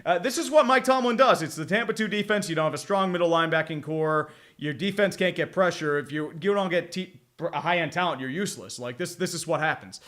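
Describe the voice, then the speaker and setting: A man with a fairly high voice calls a game live on a stream, piling on sarcasm and curses as his team struggles. He drifts through filler words and repeated groans. His tone is bright and forceful. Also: quick pace, few pauses. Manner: exasperated, sarcastic, swears often. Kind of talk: live game watch-along commentary.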